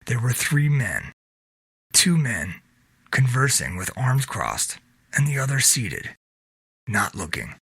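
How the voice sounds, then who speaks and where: Man reading a novel aloud, husky, bright, lively pitch, dry close recording. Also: slow, long pauses, dry recording. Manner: steady storytelling read. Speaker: narrator.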